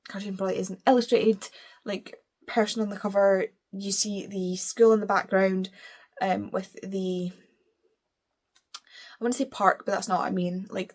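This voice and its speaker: This British book reviewer has a mid-range, somewhat dark voice. She talks casually and effusively, sharing firm opinions and sprinkling in teasing apologies at her own expense.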